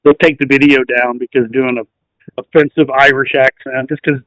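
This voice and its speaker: A man's voice: mid-range voice, flat delivery, normal speed, a bit bright, no echo, low-quality recording. A man hosting a podcast in casual chat, rambling with lots of "like" and "you know" and cracking crude jokes. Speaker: podcast host.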